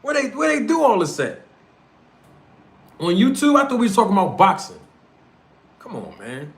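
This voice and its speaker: A man's voice: extremely high pitch, very animated, fairly quick, vocal fry. Fiery North Philly man ranting. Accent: North Philadelphia. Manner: confrontational, street slang, repetitive jabs. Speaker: streamer and show host. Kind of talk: heated livestream rant.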